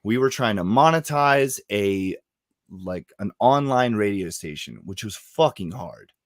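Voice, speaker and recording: A man in his thirties hosting a podcast, telling stories in casual, profane chat with lively quoted voices. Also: on the low side, a little slow, no room sound, studio quality. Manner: profane, storytelling, animated quoting. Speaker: podcast host.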